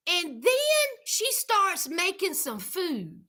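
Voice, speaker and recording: A woman's voice: very high-pitched, big pitch swings, slow pace, pushed and bright. A woman hosting a casual recap vlog, sassy and dramatic, talking back at the people she discusses. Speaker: YouTube recap host. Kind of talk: casual reality TV recap commentary.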